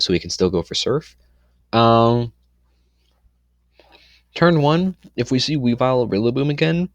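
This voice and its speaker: A young man casually explaining his competitive team for a video, confident and rambling, with lots of "um"s and quick self-corrections. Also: deep voice, no room sound, muffled recording.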